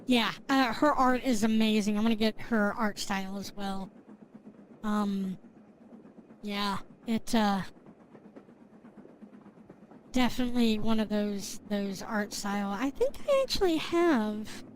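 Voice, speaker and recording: A woman's voice: medium pitch, lively intonation, unhurried, a little hiss or hum. A woman game streamer chatting with her viewers in a bubbly, rambling way, swearing casually as she goes. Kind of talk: casual live-stream chat.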